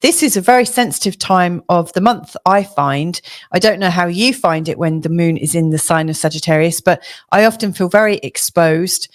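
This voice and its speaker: A woman astrologer giving a casual weekly forecast, chatty and hesitant, with a slightly hoarse voice. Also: lowish voice, moderate pace. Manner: chatty, hesitant with many fillers and restarts. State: slightly hoarse, losing her voice.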